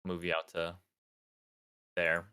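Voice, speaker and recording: A man's voice: low voice, completely flat delivery, slow, bright, forceful tone, clear, resonant tone. A man narrating as game master in a tabletop game, rambling with many fillers.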